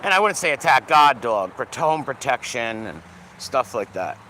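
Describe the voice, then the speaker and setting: A man's voice: mid-range voice, sing-song, normal speed. Rambling Rhode Island man on a street. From Providence, Rhode Island. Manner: rambling, profane, bouncing between greetings and rants. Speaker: livestreamer walking his dog. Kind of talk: casual livestream chat with viewers. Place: city street with passing cars. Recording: faint street traffic noise.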